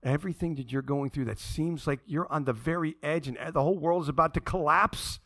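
Male pastor, sermon voice, slightly high, dry close sound, shifts from quiet to fervent. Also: fairly quick, hardly any pauses, dry recording. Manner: dynamic, swings from hushed to impassioned; conversational asides to the congregation. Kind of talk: sermon with scripture reading.

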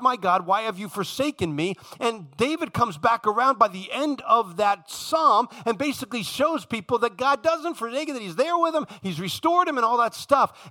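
A man preaching a sermon with passion, talking straight to his congregation and swinging from loud emphasis to hushed, low tones. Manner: addresses congregation directly.

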